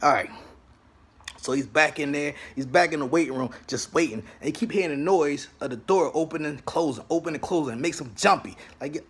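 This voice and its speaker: A man's voice: on the high side, brisk, fairly bright tone, slightly rough. A man hosting a casual TV recap, retelling scenes dramatically and acting out the quotes. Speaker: host of a TV recap channel.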